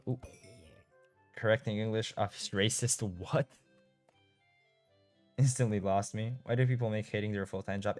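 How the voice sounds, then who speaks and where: A man's voice: fairly low pitch, no room sound. A young man from Europe, chatting casually on a game live stream, reading out and answering chat and laughing often. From Eastern Europe. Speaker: gaming streamer.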